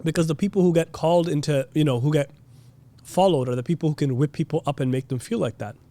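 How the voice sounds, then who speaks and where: A man's voice: fairly high pitch, fast talker, dark tone. A man giving a casual religious lesson, chatty and full of "you know" and "like", now and then mimicking preachers. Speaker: Islamic teacher. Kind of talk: casual classroom lecture.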